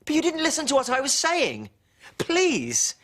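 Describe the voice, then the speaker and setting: A woman's voice: sits high, wildly swooping pitch, moderate pace, fairly bright tone, heavily acted. A woman playing a nervous, touchy young male landowner in a stage comedy, defensive and indignant. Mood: arguing. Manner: defensive, indignant, complains of ailments.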